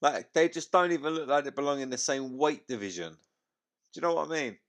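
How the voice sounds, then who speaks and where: A man's voice: on the high side, expressive, a little fast, a bit bright. A man hosting a live fight watchalong, chatting casually, swearing freely and using lots of slang. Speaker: livestream watchalong host.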